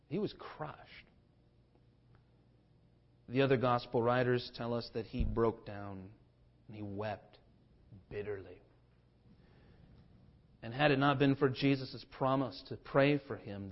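A pastor preaching a sermon, shifting between hushed passages and forceful declarations. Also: male voice, mid-range voice, unhurried. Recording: dull lo-fi sermon recording.

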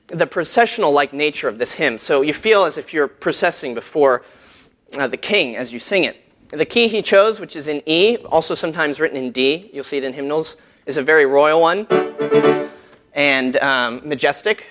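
Male lecturer, slightly high pitch, chatty classroom delivery with fillers and questions to the room. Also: normal speed, a bit bright, soft background music. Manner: conversational, asks the audience questions, many fillers. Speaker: church music teacher. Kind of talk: lecture to a group.

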